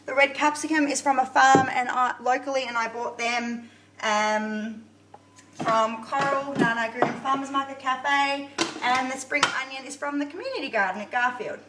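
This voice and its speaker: A woman chats to her viewers as she cooks live in her home kitchen. Her voice sits high, and her talk is easy and conversational. The live stream carries clear background noise. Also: normal speed, far from the mic. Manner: chatty, talks to viewers while cooking. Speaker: home cook hosting a live cooking video. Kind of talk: live cooking demonstration, chatty.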